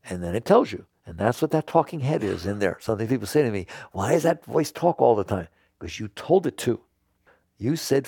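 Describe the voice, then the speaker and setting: A man giving an earnest spiritual talk to an audience, now and then laughing and jumping up in pitch for emphasis. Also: lively intonation, a little fast, gravelly, a little mellow, husky, no echo, studio quality. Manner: earnest, laughs and jumps high when emphatic. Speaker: spiritual teacher.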